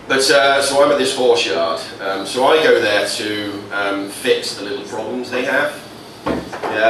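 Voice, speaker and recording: A man's voice: fairly low pitch, recorded from a distance. A man doing stand-up comedy, rambling into absurd stories. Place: comedy venue. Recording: echoey venue from afar, noisy.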